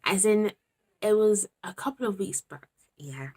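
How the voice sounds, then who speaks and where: A woman's voice: mid-range voice, expressive, a little slow, a little mellow, slightly rough. A young British woman in her twenties, a university student talking candidly and rambling to the camera in a vlog, exasperated and talking to herself at times. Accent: British English. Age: 20s.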